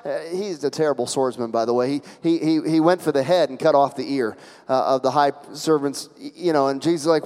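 A man's voice: on the high side, expressive, a little fast. Dramatic preaching man with long reverb. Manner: dramatic storytelling, shifting between loud and hushed. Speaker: pastor. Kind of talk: sermon.

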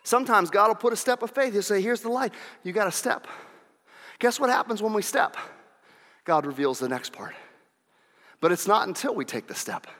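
Male pastor, very high bright voice, emphatic repeating delivery, long reverb of a church hall. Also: expressive, brisk. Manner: emphatic, repeats phrases for effect. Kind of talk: sermon.

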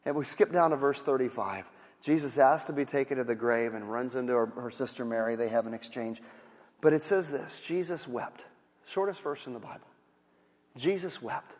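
A man's voice: medium pitch, a little fast. A male pastor giving a sermon with emphatic, repetitive preaching. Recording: long hall reverb.

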